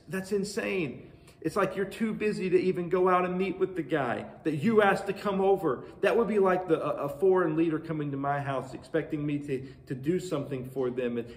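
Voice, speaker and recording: Male pastor, higher-pitched voice, lively conversational preaching, roomy echo. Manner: conversational and animated, asks the congregation questions. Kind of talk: sermon.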